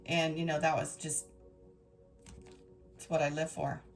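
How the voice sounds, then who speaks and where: A woman's voice: sits low, flat delivery, a little slow, soft background music. A woman tarot reader telling her viewers a personal story in an emotional, rambling, dramatic way.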